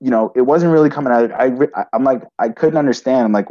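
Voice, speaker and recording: A man's voice: medium pitch, warm tone, highs cut off. A man telling a personal story in conversation, restarting often and adding "right?" as he goes. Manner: halting, frequent restarts and "right?" tags.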